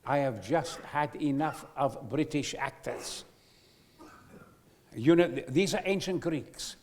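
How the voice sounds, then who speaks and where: A man's voice: a little high, expressive, full character voice. A man voicing a volatile male film director who threatens and roars his demands. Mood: furious. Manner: yells explosively, slow heavy emphasis.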